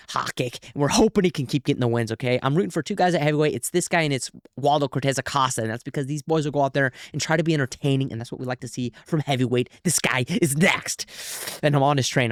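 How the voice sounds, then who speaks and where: A man hosting a casual post-fight breakdown, excitable and prone to bursts of shouting and groaning. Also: medium pitch, dry recording, clean studio sound. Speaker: MMA commentator and video host.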